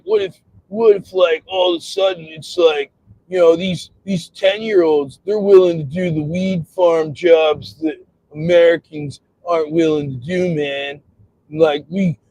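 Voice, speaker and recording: A man voicing a laid-back male stoner who drawls slowly and keeps saying "man". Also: on the high side, a little mellow, no room sound, low-quality recording. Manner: slow drawl full of "man" and "like".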